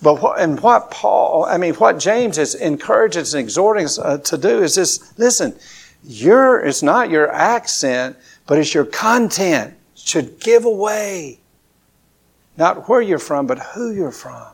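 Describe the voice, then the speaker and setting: Southern male pastor, gravelly, slightly higher pitch, conversational sermon with homespun asides. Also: lively intonation, unhurried. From southern Alabama. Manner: conversational preaching with folksy asides and rising emphasis.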